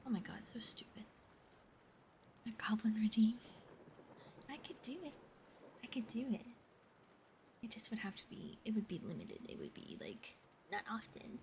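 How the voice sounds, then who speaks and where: Over a backdrop of rain sounds, a female ASMR streamer keeps up soft-spoken, playful chat with her audience, slipping into whispers, giggles and casual swearing. She speaks at a moderate pace in a higher-than-average, very animated voice.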